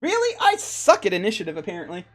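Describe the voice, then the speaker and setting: Man running a tabletop game, explaining rules. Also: fairly high pitch. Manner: explains rules patiently, quick to laugh. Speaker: dungeon master.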